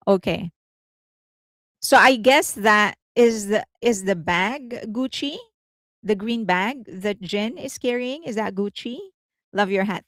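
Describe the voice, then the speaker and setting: A woman hosting a casual entertainment news livestream, chatty and rambling, laughing often and thinking out loud. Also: mid-range voice, dry recording.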